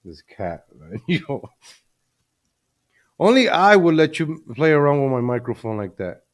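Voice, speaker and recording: A man's voice: fairly high pitch, very animated, a little slow. A man hosting a casual live stream from his home computer, chatty and easily distracted, often repeating himself. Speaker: livestream host. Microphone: desk microphone.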